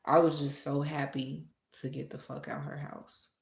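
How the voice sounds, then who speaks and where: A woman's voice: deep voice, normal speed, creaky. A woman telling a story casually, cursing freely and acting out a heated argument. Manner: profane, animated retelling that acts out heated arguments. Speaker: storytime vlogger. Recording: roomy echo.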